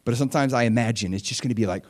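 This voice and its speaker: Now very fast, this pastor in his forties preaches in a mid-range voice. His sermon is animated and conversational, moving between soft asides and loud bursts.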